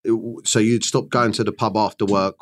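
Low-voiced, sweary male podcast host. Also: brisk. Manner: blunt, sweary, relaxed questioning. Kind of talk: casual interview chat.

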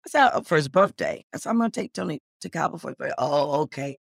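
A middle-aged woman telling a story as an interview guest, animated and acting out the dialogue she quotes. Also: quick pace, gravelly, husky, no room sound, clean studio sound. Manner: animated, acts out quoted dialogue with big pitch jumps.

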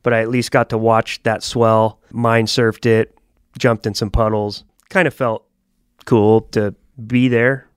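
A man's voice: medium pitch, level tone, unhurried, clear, resonant tone, no echo, clean studio sound. A man co-hosting a podcast, giving blunt opinions in casual chat and swearing freely. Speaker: podcast co-host.

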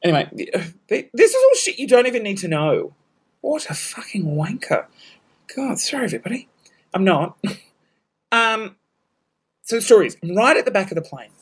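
An Australian man hosting a podcast, telling a story in casual talk, animated, swearing freely and laughing at himself. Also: sits high, moderate pace, pauses often, breathy edge. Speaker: podcast host.

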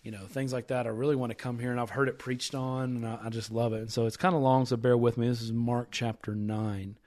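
A man's voice: medium pitch, little pitch movement, quick pace, a little mellow. A man hosting a casual faith discussion, talking things through conversationally with restarts and reading scripture aloud with rising emphasis.

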